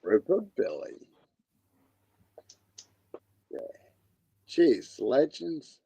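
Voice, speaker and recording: Brief: older Australian man, gravelly and unhurried, dry close sound, easygoing banter. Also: mid-range voice, sing-song, warm tone, no room sound, dull audio. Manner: laughs often, laid-back banter. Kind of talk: casual chat.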